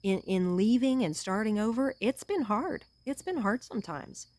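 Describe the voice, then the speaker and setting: A woman giving an earnest, animated pep talk to her viewers, calling them honey. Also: on the high side, normal speed, no room sound. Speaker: self-help vlogger. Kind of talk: encouraging talk to camera.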